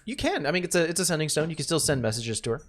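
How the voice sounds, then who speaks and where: A man narrating as game master of a tabletop game, halting with many "uh"s. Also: a little high, big pitch swings, fairly bright tone.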